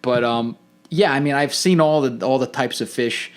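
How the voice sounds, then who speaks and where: A man's voice: medium pitch, normal speed, clean tone. A man, co-hosting a podcast and chatting casually in a rambling, complaining way with many restarts. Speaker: podcast co-host. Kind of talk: casual chat.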